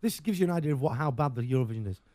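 A man's voice: medium pitch, lively intonation, very fast, dark tone, dry recording, clean studio sound. An English man hosting a radio show, chatting casually with rambling, jokey banter.

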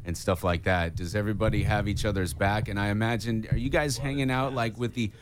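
A man's voice: fairly low pitch, steady tone, fairly quick, noisy background. A man hosting a casual radio interview, chatty and enthusiastic with plenty of ums and uhs. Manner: chatty, enthusiastic, lots of fillers. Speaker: radio host.

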